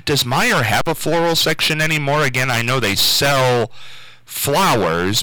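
A man's voice: mid-range voice, sharp tone, smooth, no echo, rough recording. A middle-aged man hosting a local call-in radio talk show, rambling casually with many fillers and restarts.

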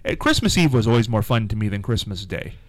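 A man's voice: on the low side, sing-song, fast, no echo. A man hosting a local radio talk show in a studio, chatting casually and rambling through friendly banter. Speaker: radio host.

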